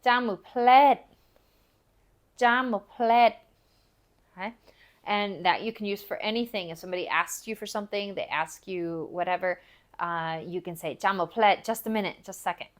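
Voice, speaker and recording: A woman teaching a language lesson, repeating foreign phrases slowly and carefully for learners. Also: on the low side.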